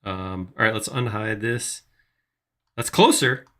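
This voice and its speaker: Man, low voice, bright tone, casual live tutorial, thinking aloud, steps through his work. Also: slow pace. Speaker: host modeling in 3D software.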